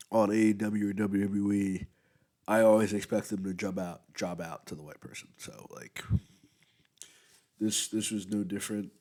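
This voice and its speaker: A man's voice: lowish voice, dark tone. A man giving a rambling, casual review of a wrestling show, full of fillers, talking as he eats at home. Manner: rambling, loose, many fillers. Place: at home, eating while recording.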